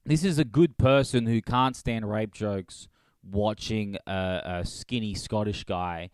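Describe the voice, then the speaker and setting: A man's voice: on the low side, a little slow, clear, resonant tone, dry recording. A man hosting a solo comedy podcast, rambling and swearing as he laughs at his own jokes. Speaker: podcast host.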